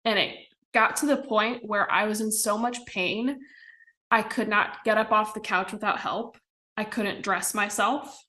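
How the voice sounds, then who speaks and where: Chatty bright-voiced woman guest. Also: mid-range voice, fairly even intonation, measured pace. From American Midwest. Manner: chatty, many fillers and laughs. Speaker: podcast guest. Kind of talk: casual interview chat.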